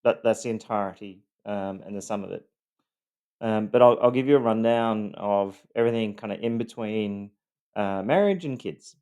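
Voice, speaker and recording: A man's voice: lowish voice, moderate pace, darkish tone, smooth. A man with an Australian accent, telling his own story in a loosely scripted monologue, rambling with many ums and a wry, self-deprecating edge.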